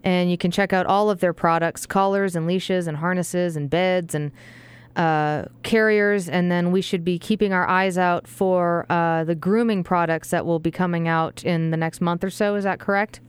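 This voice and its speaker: A woman's voice: fairly low pitch, fairly even intonation, moderate pace, smooth. A woman hosting a talk radio show, friendly and chatty, with frequent fillers.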